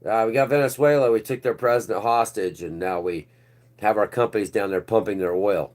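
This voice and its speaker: A man's voice: lowish voice, a little fast. A man hosting his own online news channel, ranting casually and sarcastically, rambling and swearing freely.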